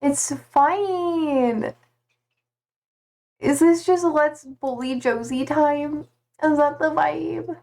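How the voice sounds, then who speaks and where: A woman's voice: high voice, a little mellow. A woman chatting casually on a live stream, playful and giggly. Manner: giggly and playful, slow drawn-out talk.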